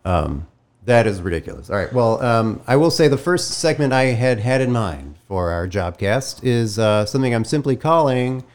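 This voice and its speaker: A man's voice: mid-range voice, lively intonation, moderate pace, a little mellow. A man co-hosting a comedy podcast, chatting casually with playful, ironic asides. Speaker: podcast co-host.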